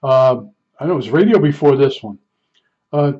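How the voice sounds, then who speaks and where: In a dull lo-fi recording, a man with an expressive, mid-range voice and dark tone tells casual stories at normal speed. He rambles, pokes fun at himself, and chuckles along the way.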